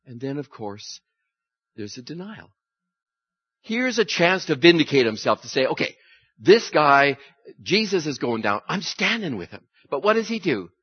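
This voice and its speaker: A man preaching an Easter sermon, telling stories with lively, acted-out voices. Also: normal speed, breathy edge, no room sound, highs cut off. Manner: animated storytelling, acting out voices with big pitch jumps. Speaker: pastor.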